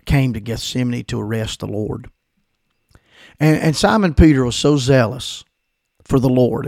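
A man preaching a sermon on his podcast, emphatic, with slow stressed phrases and repetition. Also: medium pitch, gravelly, a little mellow, dry recording, clean studio sound.

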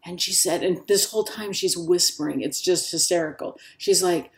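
A woman's voice: lowish voice, normal speed, few pauses. A middle-aged woman hosting a solo podcast, chatty and upbeat, acting out quoted voices as she tells stories. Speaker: podcast host.

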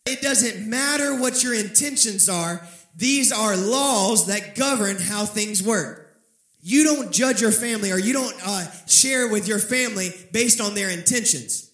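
A man preaching a sermon, telling a story and calling on the congregation to answer back, with dramatic slowing on key phrases. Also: sits high, fairly bright tone, reverberant, rough recording. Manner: preaching with call-and-response prompts to the congregation. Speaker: pastor.

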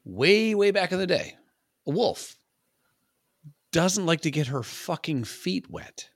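A man's voice: on the high side, slow, no echo, clean studio sound. A man from Southern Illinois co-hosting a podcast, bantering casually and swearing freely. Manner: lively, profane banter. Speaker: podcast co-host. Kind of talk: casual chat.

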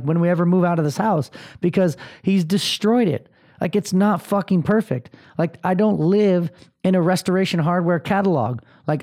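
A man's voice: sits high, darkish tone. A man in his thirties hosting a podcast, talking bluntly and with a lot of swearing and filler words in a rambling motivational monologue. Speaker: podcast host.

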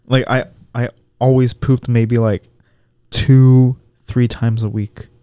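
Laid-back young man, mellow voice. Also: mid-range voice, flat delivery, slow pace, no room sound. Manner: laid-back, laughs often, candid. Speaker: podcast co-host. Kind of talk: casual podcast chat.

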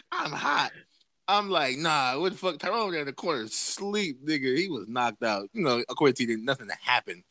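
A man's voice: mid-range voice, sing-song, moderate pace, bright, forceful tone, no echo. A man casually telling a profane story to friends on a podcast, acting out the people he quotes with big jumps in his voice. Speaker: podcast host.

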